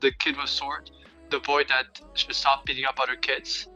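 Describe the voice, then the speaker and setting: A man's voice: medium pitch, completely flat delivery, normal speed, pushed and bright, soft background music, rough recording. A man on a video call chatting casually as a stream guest, stammering and repeating words. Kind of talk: casual chat.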